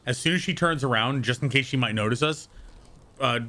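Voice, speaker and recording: A man's voice: medium pitch, a little fast, sharp tone. A man playing a tabletop game in casual chat, hesitant and rambling as he plans. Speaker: player.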